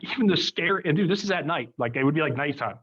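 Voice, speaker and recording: A man's voice: fairly high pitch, expressive, quick pace, a bit bright, breathy edge. Rambling young man telling stories. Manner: rambling storytelling full of fillers and asides. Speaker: podcast guest. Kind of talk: casual conversation. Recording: slightly muffled recording.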